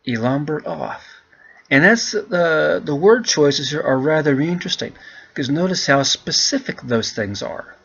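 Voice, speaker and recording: Chatty male teacher, bright dull-sounding voice. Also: fairly high pitch, measured pace, gravelly, breathy edge. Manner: relaxed, chatty, keeps addressing the class as "guys". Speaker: English teacher. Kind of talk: walking students through an essay on screen.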